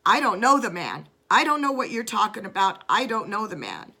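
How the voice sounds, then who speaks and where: A woman's voice: mid-range voice, big pitch swings, normal speed, gravelly, pushed and bright, exaggerated voice. A woman voicing a male disciple, an impulsive fisherman, who insists and denies emphatically. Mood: denying. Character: impulsive fisherman disciple, adult man, fiercely loyal then panicky.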